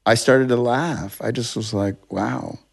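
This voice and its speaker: A man's voice: medium pitch, steady tone, unhurried, vocal fry, breathy edge. A man, a music producer, telling a long story in a casual interview, rambling and restarting, acting out what people said. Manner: rambling, self-interrupting, acts out quotes.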